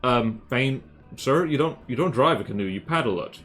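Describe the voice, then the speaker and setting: A man's voice: medium pitch, expressive, moderate pace, fairly bright tone. Playful young man livestreaming over music. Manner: playful, rambling, jokey. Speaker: livestreamer drawing dinosaurs. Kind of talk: casual livestream chat.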